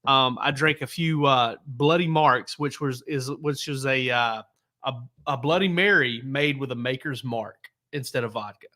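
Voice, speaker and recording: A man's voice: mid-range voice, unhurried, bright, forceful tone. A man, a sports reporter, telling laid-back stories on a casual podcast, rambling with many fillers and restarts.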